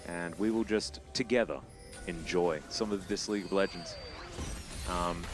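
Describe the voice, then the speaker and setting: A man casting an esports match solo, chatty and self-deprecating between plays, excitable when the action kicks off. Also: low voice, measured pace, music in the background. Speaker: esports caster. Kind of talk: play-by-play esports commentary.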